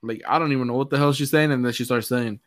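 A man's voice: mid-range voice, fast talker. A young man casually recounting a wild night out, swearing freely and acting out the voices of the people in his story. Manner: profane, animated retelling, acting out quoted voices.

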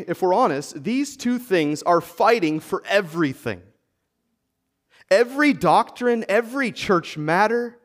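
An American man preaching a sermon as pastor, earnestly teaching and pressing emphatic rhetorical questions. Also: high voice. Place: church sanctuary.

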